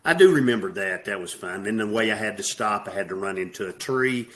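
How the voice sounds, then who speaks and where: Middle-aged man, Southern US accent, low-pitched, plainspoken drawl; interview guest. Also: lively intonation, fairly quick, fairly bright tone. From American South. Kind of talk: casual interview.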